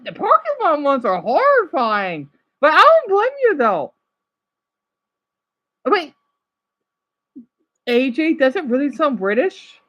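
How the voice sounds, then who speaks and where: A woman chatting casually and excitably with her stream's viewers, her voice slightly high and bouncing up and down. She often stumbles and restarts her sentences. The phone mic makes her sound dull and lo-fi. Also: unhurried, pauses often. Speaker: game streamer reading chat. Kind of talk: casual livestream chat.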